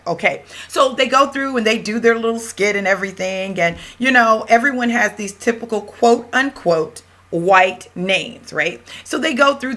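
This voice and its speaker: A woman professor lectures in a bright, forceful voice, leaning on her words and telling a classroom story with lively emphasis. She talks to the room in a loose, conversational way and leaves room for the class to answer. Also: mid-range voice.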